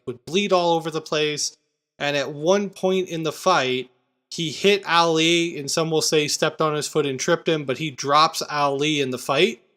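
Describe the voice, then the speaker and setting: Chatty higher-voiced male podcast host. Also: a bit bright. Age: adult parent. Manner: chatty, quick asides and restarts. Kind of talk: casual movie chat.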